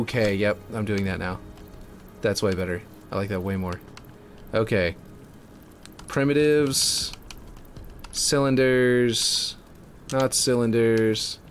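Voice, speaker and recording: A man giving casual, rambling commentary as he builds a game map, thinking out loud and correcting himself as he goes. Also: lowish voice, slight background noise.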